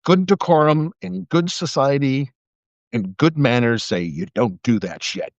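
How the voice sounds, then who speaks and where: A man's voice: mid-range voice, unhurried, dry recording. Middle-aged ex-cop guy rambling on his live stream, cussing casual, dull lo-fi sound, dry room. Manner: rambling, storytelling, swears freely. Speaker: live streamer, former police officer.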